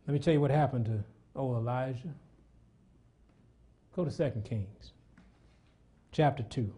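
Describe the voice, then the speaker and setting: A man's voice: medium pitch, normal speed, pauses often, warm tone. A man preaching a sermon, reading scripture aloud and calling out questions to his congregation.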